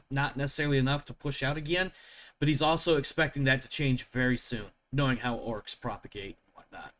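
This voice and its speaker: A male game master narrates a tabletop campaign at a middling pitch. He rambles and keeps correcting himself, and he swears at his own slips. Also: fairly bright tone.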